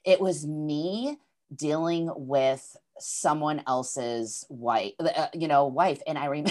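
A woman's voice: deep voice, slow pace, a little mellow. A woman in her forties in a casual podcast conversation, rambling with lots of likes and restarts. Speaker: podcast host.

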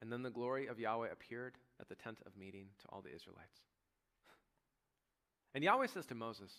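A man preaches a sermon, his voice bright and forward. He retells the scripture story with animated, acted-out dialogue for each figure. The delivery is that of a pastor speaking to a congregation. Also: medium pitch, fast, pauses often. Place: church sanctuary.

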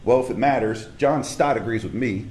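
A man's voice: medium pitch, a little fast, a little mellow. Man, pastor, conversational sermon, emphatic, addresses the room directly. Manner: casual, emphatic, talks straight to the congregation. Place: church hall with congregation.

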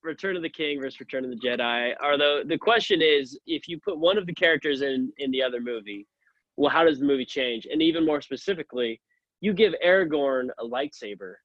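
A man co-hosting a podcast, chatting in a relaxed way with dry humor. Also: a little high, fairly quick, no echo, lo-fi sound. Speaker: podcast co-host. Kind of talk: casual chat.

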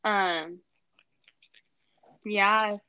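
A woman's voice: medium pitch, steady tone, extremely slow, clean tone. A young woman hosting a casual faith discussion, enthusiastic, with frequent laughs and fillers. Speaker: host. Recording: dull lo-fi sound.

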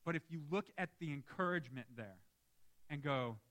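Pastor, young man, high bright voice, emphatic sermon with playful asides to the room. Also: moderate pace. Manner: lively, emphatic preaching with asides to the congregation. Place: church sanctuary.

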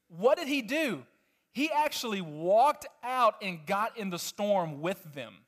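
A man preaching a sermon to a congregation with children, animated and emphatic, often asking the audience questions. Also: sits high, slow. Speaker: pastor.

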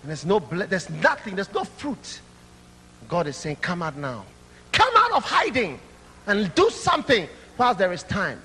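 Impassioned young male preacher, bright voice. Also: high-pitched, sing-song, moderate pace, husky, long reverb tail. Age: young adult. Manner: impassioned, rising to shouts. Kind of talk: sermon.

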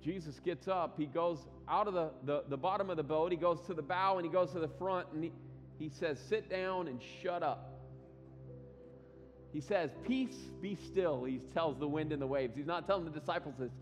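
A man preaching a sermon, telling stories with lively acted quotes and frequent restarts. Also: on the high side, fast talker, long reverb tail, soft background music. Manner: animated storytelling with acted quotes, many restarts. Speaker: pastor.

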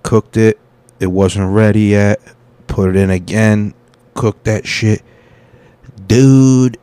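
Man, very low voice, casual podcast monologue, rambling, profane, quoting people. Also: dark tone, clear, resonant tone, no room sound. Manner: rambling, profane, quotes people in his stories. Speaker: podcast host and stand-up comic.

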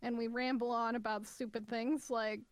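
A young woman co-hosting a podcast, her voice high and bright. She talks in loose, profanity-laced banter. The recording sounds close and dry. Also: little pitch movement, normal speed, dry recording. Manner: profane, chatty and joking. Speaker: podcast co-host. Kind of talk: casual chat.

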